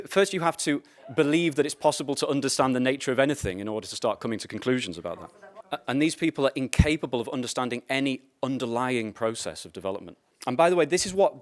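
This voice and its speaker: Wry man giving a talk. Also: medium pitch. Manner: sardonic, wry asides. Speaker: speaker at a political school. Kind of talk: lecture to a live audience.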